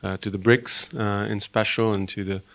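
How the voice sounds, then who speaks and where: Hesitant low-voiced man asking a question. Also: steady tone, fairly bright tone. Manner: hesitant, many fillers and pauses. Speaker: audience member asking a question. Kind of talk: audience question. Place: lecture room.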